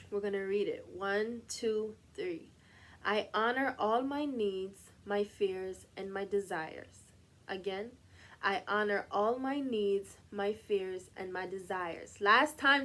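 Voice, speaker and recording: A woman's voice: medium pitch, a little mellow. A young adult woman hosting a motivational talk, leading listeners through affirmations with repetitive, preacherly emphasis. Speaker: host.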